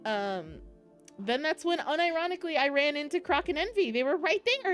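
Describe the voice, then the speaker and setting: High-voiced tearful, giggly young woman. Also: animated, a little fast, faint music behind. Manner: emotional, giggly, tearful, rambling with restarts. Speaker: streamer. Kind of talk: casual stream chat, recounting an event.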